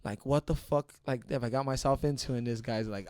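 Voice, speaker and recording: A young man telling a profane, animated story in a casual podcast chat. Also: medium pitch, fairly quick, no room sound. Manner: profane, animated, acts out other people's voices. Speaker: podcast guest.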